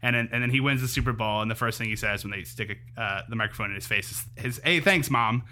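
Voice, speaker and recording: A man's voice: on the low side, little pitch movement, fast talker, sharp tone, slight background noise. A man co-hosting a podcast who retells comedy bits with energy, often with fillers and restarts. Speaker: podcast co-host. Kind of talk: casual podcast chat.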